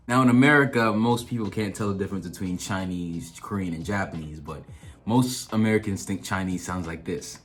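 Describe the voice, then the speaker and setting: Deep-voiced man giving casual commentary. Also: brisk, soft background music. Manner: chatty, opinionated, laughs at own jokes. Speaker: reaction video host.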